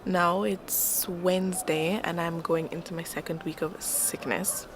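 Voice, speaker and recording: A young woman recording a casual video diary at home while sick, her voice stuffy and raspy, talking frankly and with exasperation. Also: lowish voice, fairly even intonation, measured pace, background noise. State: stuffy, hoarse from illness. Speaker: vlogger. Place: at home by a window.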